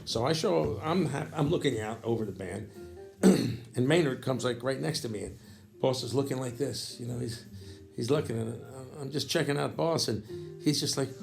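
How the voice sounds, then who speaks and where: A man in his fifties, a jazz saxophonist, telling a story in a rambling, animated way, with restarts and frequent throat-clearing. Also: mid-range voice, normal speed, soft background music. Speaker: jazz saxophonist recounting a memory. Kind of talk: casual spoken storytelling.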